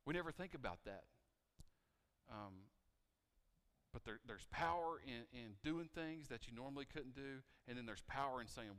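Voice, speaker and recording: A man preaching a sermon in a church, asking the congregation questions and moving between loud emphasis and quiet appeals. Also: mid-range voice, animated, moderate pace, smooth. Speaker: pastor. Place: church sanctuary. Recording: reverberant church hall, mic cutting out.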